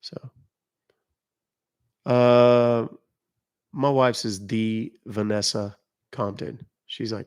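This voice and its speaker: A man's voice: mid-range voice, steady tone, drawn-out words, pauses often, a little mellow, clean tone. A middle-aged man chatting casually on a live stream, rambling and joking as he reacts to viewer comments. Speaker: live streamer reading chat.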